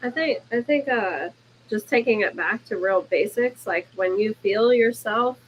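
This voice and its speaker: A woman's voice: medium pitch, slight background noise, rough recording. A woman co-hosting a relationship coaching talk, explaining ideas in long flowing sentences. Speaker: life coach co-host. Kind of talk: casual conversation.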